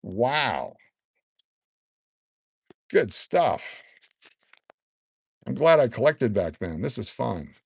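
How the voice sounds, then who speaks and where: A man in his sixties hosting a casual live stream, excitedly reading out collectible cards and rambling into stories. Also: mid-range voice, extremely slow, vocal fry, pauses often, husky, no room sound. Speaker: livestream host giving away collectible cards.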